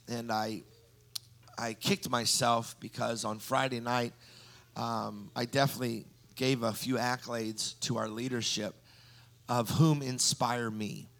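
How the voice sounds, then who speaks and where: Gravelly-voiced man preaching a sermon. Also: mid-range voice, fairly bright tone. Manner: storytelling with frequent ums and restarts. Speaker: guest preacher.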